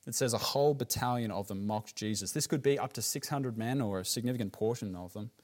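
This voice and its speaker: A man with an Australian accent preaching a sermon as pastor, earnest and emphatic, dropping his voice low on grave words. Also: fast, a little mellow.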